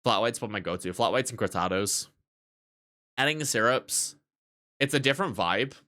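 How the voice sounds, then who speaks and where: A man streaming and chatting casually, a barista telling profane, animated stories about customers. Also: mid-range voice, moderate pace. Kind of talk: casual livestream chat.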